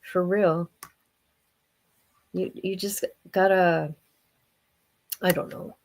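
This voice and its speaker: A woman's voice: on the low side, steady tone, very slow, a little mellow, slight background noise. A middle-aged woman hosting a livestream, talking in a rambling, blunt, chatty way to her viewers. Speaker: livestream host. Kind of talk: casual livestream chat.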